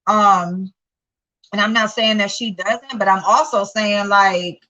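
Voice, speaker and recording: A woman's voice: medium pitch, steady tone, takes it slowly, bright, forceful tone, muffled recording. A woman, a channel host giving casual, profane commentary, blunt and sassy, rising to exasperated outbursts. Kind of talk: casual live-stream commentary.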